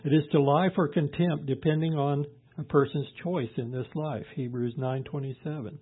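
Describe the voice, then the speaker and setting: A man preaching a sermon, reading scripture slowly and with emphasis, then explaining it in plain, conversational asides. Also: on the high side, fairly even intonation, breathy edge. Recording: tinny phone-like sound.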